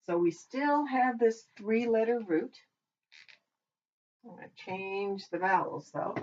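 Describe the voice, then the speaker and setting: A woman teaching a language lesson who talks while she writes, pausing and correcting herself as she goes. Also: medium pitch, darkish tone, a little hiss or hum. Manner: talks while writing, with pauses and self-corrections. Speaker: Hebrew teacher. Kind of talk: slow, patient lesson at a whiteboard. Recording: dull lo-fi recording.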